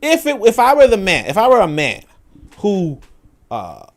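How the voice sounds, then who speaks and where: A young man hosting a book-reading show, giving animated casual commentary, full of restarts and mocking acted-out voices. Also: high-pitched, moderate pace. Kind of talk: casual commentary on read passages.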